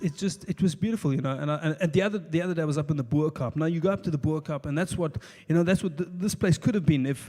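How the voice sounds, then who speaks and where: A man's voice: fairly high pitch, a little mellow. South African man telling stand-up stories. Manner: rambling storytelling with many restarts and dry asides. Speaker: stand-up comedian. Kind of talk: stand-up comedy routine. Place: stage of a live show venue. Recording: echoey live venue.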